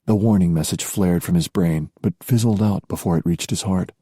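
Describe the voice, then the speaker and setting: A man narrating a romance audiobook in a measured storytelling voice. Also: deep voice, warm tone, slightly rough, dry recording, studio quality. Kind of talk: scripted narration.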